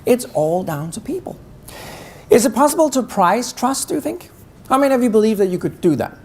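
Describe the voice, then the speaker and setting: A man's voice: very high-pitched, big pitch swings, a little fast, a little mellow, husky. A man giving a live talk on negotiation, teasing the audience with rhetorical questions. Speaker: keynote speaker on negotiation.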